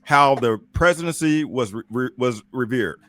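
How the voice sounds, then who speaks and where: A man co-hosting a podcast, talking in heated casual chat, animated and repeating himself for emphasis. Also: mid-range voice, normal speed, soft background music. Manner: animated, repeats phrases, laughs often. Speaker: podcast co-host.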